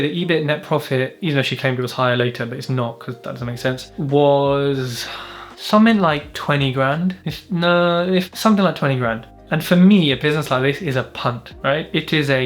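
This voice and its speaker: Blunt, sweary British business mentor. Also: male voice, a little high, a little fast. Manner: blunt, sweary, animated storytelling. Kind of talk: casual monologue to camera.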